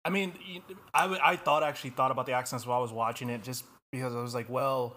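Bright, blunt man griping casually. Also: medium pitch, steady tone, rapid-fire. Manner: blunt and profane, critical. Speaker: podcast co-host. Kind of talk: casual chat.

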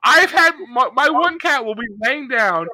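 A man's voice: very high-pitched, expressive, unhurried, sharp tone, no echo. A man co-hosting a podcast, ranting in casual, profane chat and putting on comic voices. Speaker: podcast co-host.

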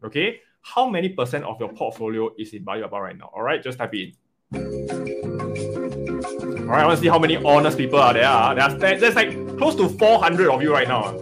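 A man coaching an investing webinar live, animated and often checking in with "right?" and "okay?". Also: medium pitch, brisk, over loud music.

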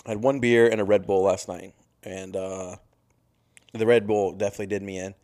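A man's voice: on the low side, flat delivery, a little fast, a little mellow. A young man co-hosting a comedy podcast, tired and chatting casually with crude jokes. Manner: crude, joking, drifts into voices. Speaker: podcast co-host. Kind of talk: casual chat.

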